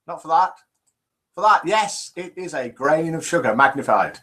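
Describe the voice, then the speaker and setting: A man's voice: fairly high pitch, moderate pace. A man with a British accent hosting a live web show from a small room, chatting casually and reading out viewers' names. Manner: chatty, relaxed, reads out viewers' names and comments. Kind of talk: casual live-stream presenting. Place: small home studio room. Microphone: webcam live broadcast.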